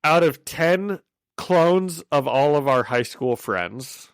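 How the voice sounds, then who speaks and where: Excitable man recapping a comic on a podcast. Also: fairly high pitch, slow pace, smooth, no room sound. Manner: excitable, laughs easily, thinks aloud. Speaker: podcast co-host. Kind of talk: casual chat recapping a comic issue.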